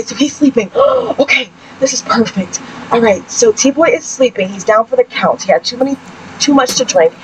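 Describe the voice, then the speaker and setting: A young woman giving chatty, excitable let's-play commentary, exclaiming often as she narrates the story. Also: mid-range voice, noisy background. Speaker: gaming channel host. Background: game music.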